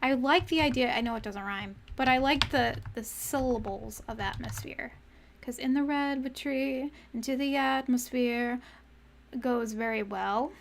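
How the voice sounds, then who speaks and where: A young woman with a high voice chats on a live stream as she writes lyrics. She speaks slowly, trying phrases again and again and trailing off as she searches for the right word. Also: gravelly. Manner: muses aloud, repeating phrases to find words; often laughs and trails off mid-thought. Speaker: streamer writing song lyrics. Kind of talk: casual live-stream chat.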